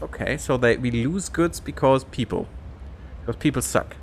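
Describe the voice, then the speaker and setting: Lively, chatty male game streamer. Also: medium pitch, moderate pace, a little hiss or hum. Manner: chatty, laughs often, reads game text aloud. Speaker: gaming streamer. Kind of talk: casual let's-play commentary.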